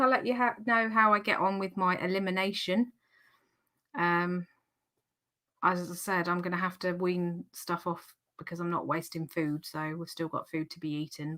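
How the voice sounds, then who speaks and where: A woman's voice: medium pitch, fairly bright tone. A woman with a Geordie accent chatting casually on a live stream, slightly out of breath, laughing often and breaking off mid-sentence. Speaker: vlogger hosting a live stream.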